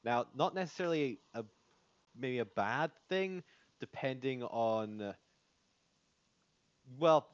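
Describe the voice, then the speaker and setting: A man's voice: medium pitch, dry recording. A man running a tabletop game as game master, narrating with many fillers. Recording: dry, dull lo-fi sound.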